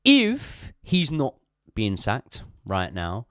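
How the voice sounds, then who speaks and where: A man's voice: fairly low pitch, huge pitch swings, drawn-out words, a bit bright, no room sound, clean studio sound. A man hosting a podcast, chatting casually about football, opinionated and swearing freely with rambling asides. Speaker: podcast host. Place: podcast room.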